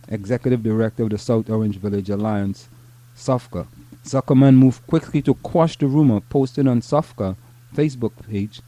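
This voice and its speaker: A man's voice: medium pitch, mellow, no room sound. A man, co-hosting a talk show, reading out local news and joking with his co-host. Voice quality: joking, teasing, halting restarts.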